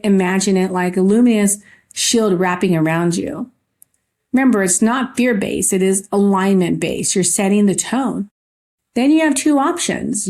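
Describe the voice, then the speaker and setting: A woman hosts a spiritual talk show and works through a personal story. She speaks earnestly, leaning on key phrases with gentle emphasis, in a steady, mid-pitched voice. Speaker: podcast host.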